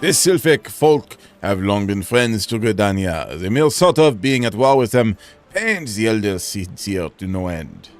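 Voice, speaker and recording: A grave, courteous attendant delivers formal thanks, as a man reads him out. The delivery is solemn yet moves around in pitch. Faint game music sits behind. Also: sing-song, a little slow.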